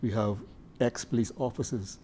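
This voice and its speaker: A man guest on a talk show describing a cycling committee's work, measured and hesitant with fillers. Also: mid-range voice, steady tone, warm tone, a little hiss or hum.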